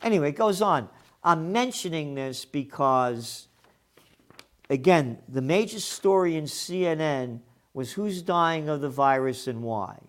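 A man's voice: a little high, animated, a little slow. A man hosting a trends commentary show, delivering a combative, sarcastic monologue and swearing when angry.

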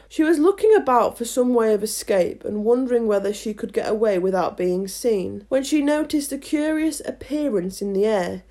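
A woman reads a classic storybook aloud, lively and expressive in her phrasing. Her voice sits a little above the usual female range. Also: a little high, moderate pace, hardly any pauses. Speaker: audiobook reader.

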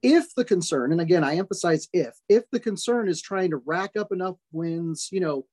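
A man hosting a podcast, making his points in a measured, deliberate way and stressing his caveats. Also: high-pitched, darkish tone, no room sound. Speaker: podcast host. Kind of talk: casual sports chat.

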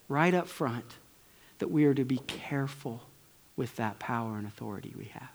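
A middle-aged male pastor preaching a conversational sermon to his congregation, swinging between loud bursts and near-whispers. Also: fairly high pitch. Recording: long hall reverb.

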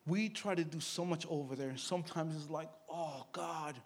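Middle-aged male preacher, high voice, storytelling sermon, hushed to loud emphatic swings. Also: fairly quick.

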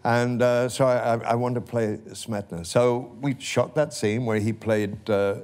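A man with a voice of ordinary pitch tells an anecdote as a guest in a live interview. He speaks from a stage before an audience. His telling is halting and roundabout. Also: fairly even intonation, a little mellow. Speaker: actor guest.

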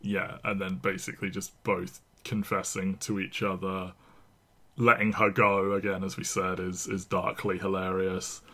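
A man's voice: low voice, little pitch movement, unhurried, bright, forceful tone. A man co-hosting a podcast, chatting casually about a film, laughing often and acting out the characters' lines. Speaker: podcast co-host.

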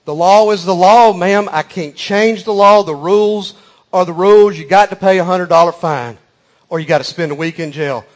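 A man's voice: high-pitched, moderate pace, close to an everyday voice. A man voicing a stern, matter-of-fact judge who firmly repeats the rules. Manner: firm, matter-of-fact, repetitive.

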